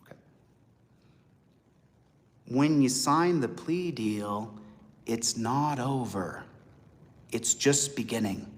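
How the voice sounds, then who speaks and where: Animated man with roomy reverb. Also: medium pitch, takes it slowly, pauses often. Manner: animated, acts out voices of others; blunt, profane. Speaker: host. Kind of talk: monologue to viewers. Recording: long hall reverb.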